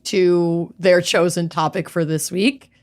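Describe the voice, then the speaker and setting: A woman's voice: on the low side, steady tone, slow pace. A woman co-hosting a podcast in casual chat, playful and bubbly, stretching words for emphasis. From Minnesota. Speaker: podcast co-host.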